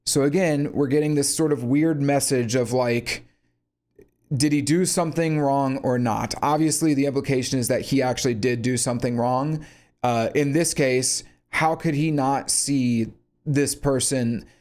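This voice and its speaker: A man's voice: mid-range voice, steady tone, normal speed, a little mellow. Blunt, sarcastic male song reviewer. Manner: blunt, sarcastic, swears freely. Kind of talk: casual song critique.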